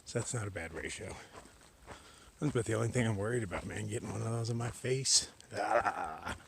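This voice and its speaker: A man vlogging alone on a forest trail at night, chatting casually to a handheld camera as he walks, sometimes dropping to a hushed whisper. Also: fairly low pitch, quick pace, creaky, a little hiss or hum. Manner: chatty, drifting between normal voice and hushed whispers. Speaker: solo long-distance hiker vlogging. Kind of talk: casual talk to camera while hiking.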